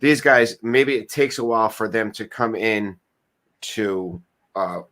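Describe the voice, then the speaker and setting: A man in a casual group chat who pauses and searches for words as he explains. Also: fairly low pitch, fairly bright tone.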